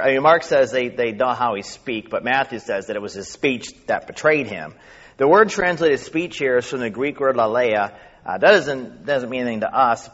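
A man from New York with a faint New York accent, a pastor preaching fast and reading scripture. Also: mid-range voice, a bit bright. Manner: talks fast. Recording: echoey hall, dull sound.

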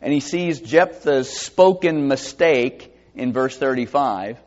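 A man's voice: mid-range voice, takes it slowly, dull audio. A man preaching a sermon, teaching verse by verse, reading scripture aloud and asking rhetorical questions. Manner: expository Bible teaching, reading scripture aloud in King James wording; asks rhetorical questions, lively and animated.

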